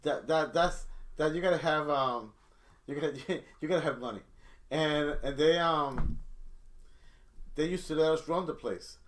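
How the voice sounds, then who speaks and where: A man's voice: on the high side, unhurried, pauses often. A middle-aged man telling a long story in casual chat, rambling with many restarts. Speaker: storyteller guest.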